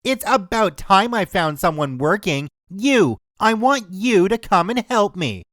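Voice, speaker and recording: A man voicing an angry, pushy older woman shopper who is loud and demanding. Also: high-pitched, big pitch swings, a little slow, no echo, studio quality, pitched above the performer's own voice, full character voice. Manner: loud, near-screaming, demanding.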